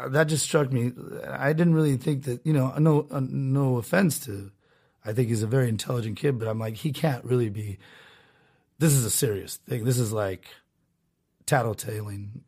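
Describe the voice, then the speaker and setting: His voice is mid-range and a little mellow. The Southern California solo podcast host talks in a sarcastic, meandering way, often restarting himself and drifting into asides.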